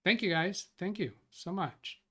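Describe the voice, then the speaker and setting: A man's voice: high-pitched, animated, measured pace, bright, forceful tone. A man hosting a tech support live stream, thinking aloud as he reads out viewer comments and corrects himself. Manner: rambling, self-correcting. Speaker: tech support livestream host. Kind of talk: casual live-stream chat.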